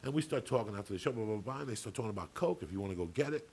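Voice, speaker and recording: A man's voice: lowish voice, expressive, rapid-fire, vocal fry, a little mellow, slight background noise. A man co-hosting a podcast, telling a long story in a casual, profane, rambling way. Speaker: podcast co-host.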